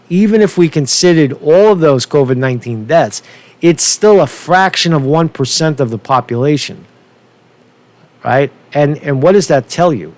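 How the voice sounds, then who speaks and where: A man ranting unscripted on a political commentary vlog, profane and rambling, with halting restarts, repeated words, and a constant "right?" tag. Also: mid-range voice, darkish tone. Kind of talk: unscripted rant.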